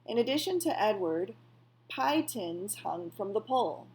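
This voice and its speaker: A woman calmly reading a children's novel aloud, in a measured storytelling manner. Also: mid-range voice. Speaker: reader.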